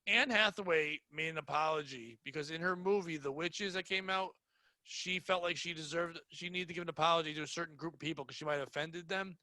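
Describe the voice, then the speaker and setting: A man co-hosting a comedy podcast, riffing loudly and laughing through silly bits. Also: on the high side, brisk, no echo. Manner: loud, laughing riffs with silly impressions. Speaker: podcast co-host.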